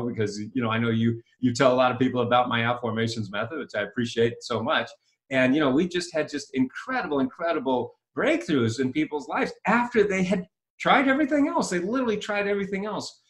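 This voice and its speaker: Eager self-promoting man, mid-pitched. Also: a bit bright. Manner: enthusiastic, self-promoting, repeats himself. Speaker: self-help author and coach. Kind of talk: promotional interview talk.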